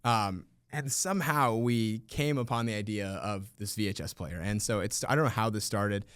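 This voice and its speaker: A man in his thirties, a teacher telling a funny story in an interview, lively and laughing often. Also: fairly low pitch, normal speed, smooth, dry recording, studio quality. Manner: animated, laughs often, acts out quoted voices.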